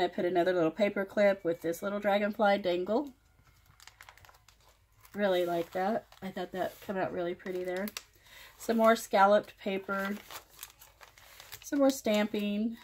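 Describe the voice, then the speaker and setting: A woman hosting her own craft channel, showing a finished project page by page in plain, unhurried commentary made of short phrases. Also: medium pitch, darkish tone, a little hiss or hum. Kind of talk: casual show-and-tell walkthrough.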